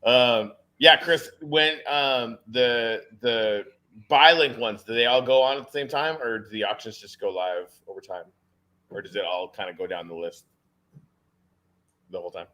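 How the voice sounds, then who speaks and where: A man co-hosting a casual live stream, relaxed and casual, with plenty of "uh" fillers. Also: mid-range voice, normal speed. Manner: relaxed, uses fillers like "uh" and "dude". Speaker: co-host.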